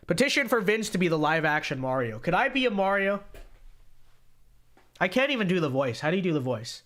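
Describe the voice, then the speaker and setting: A young man hosting a casual livestream, reading viewer donations aloud in an animated, joking way with frequent restarts. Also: sits high, fairly quick. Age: young adult. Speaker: show host.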